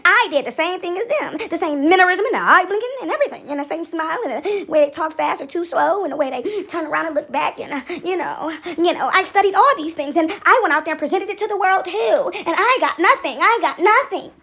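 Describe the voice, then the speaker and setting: Animated high-voiced woman preaching casually. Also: fast talker, few pauses. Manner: animated, preachy, acts out little voices with laughs. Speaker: spiritual talk host. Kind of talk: casual spiritual pep talk.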